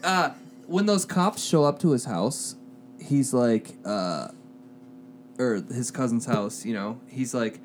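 A man chatting on a podcast, spinning a movie plot with energy and slipping into quick voices for each character. His pitch sits in an ordinary middle range, and a faint hum runs underneath the recording. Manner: animated storyteller, acts out quotes in quick put-on voices, laughs often. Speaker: podcast co-host. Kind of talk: casual chat, retelling a movie plot.

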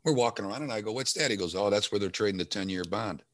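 A man's voice: on the low side, racing. A man telling a story in casual chat, acting out the lines of the people in it. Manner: animated storytelling, acting out quoted dialogue.

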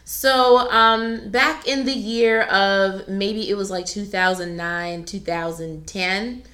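A woman podcast co-host telling a story in casual chat, animated and laughing as she acts out what people said. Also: medium pitch, takes it slowly.

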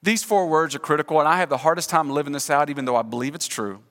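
High-voiced animated male pastor preaching. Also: fast talker. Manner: animated, acts out quoted speech, leads congregation in call-and-response. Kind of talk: sermon. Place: church sanctuary. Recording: long hall reverb in church.

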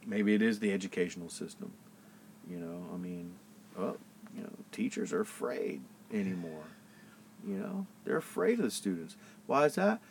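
A man's voice: low-pitched, moderate pace, vocal fry, slight background noise. A middle-aged man from Florida, a podcast guest, ranting in casual chat with heavy swearing. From Pensacola, Florida. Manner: profane, animated ranting.

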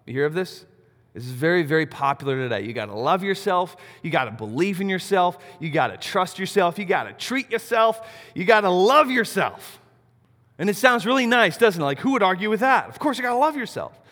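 A man preaching a sermon, animated, asking rhetorical questions and swinging between loud and soft. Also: high-pitched, brisk. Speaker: pastor. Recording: long reverb of a large hall.

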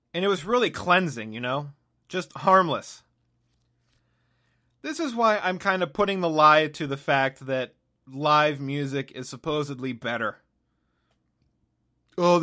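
Bright-voiced, sardonic male podcaster. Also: fairly high pitch, expressive, slow pace, pauses often. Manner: rambling, sardonic, self-interrupting. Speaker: podcast host. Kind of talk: solo comic monologue.

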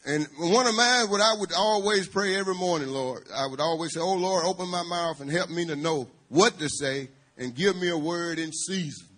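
Husky preacher man calling to his church. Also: a little high, normal speed, few pauses, a bit bright. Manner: call-and-response, calling out to the congregation. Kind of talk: church sermon.

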